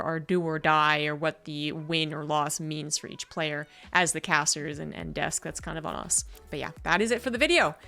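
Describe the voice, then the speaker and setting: Male caster for an explainer video: bright, clear voice, loose chatty delivery, faint music behind. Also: a little high. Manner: chatty, self-correcting, walks through diagrams. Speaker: esports caster.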